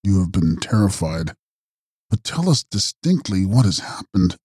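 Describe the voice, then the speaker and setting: A grave, solemn gentleman in a gothic horror audiobook, as a male narrator voices him, pitched lower and speaking slowly. The voice is dark and husky, recorded close and dry. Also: big pitch swings, no echo, heavily acted. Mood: reassuring. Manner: slow, solemn, reassuring. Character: grave, steady older gentleman. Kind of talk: audiobook character voice.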